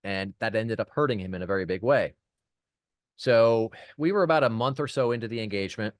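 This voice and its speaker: A man's voice: lowish voice, a little fast, no echo, studio quality. Man telling a story on a podcast. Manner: animated anecdote teller, many restarts. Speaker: podcast guest, PR firm founder. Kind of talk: casual storytelling interview.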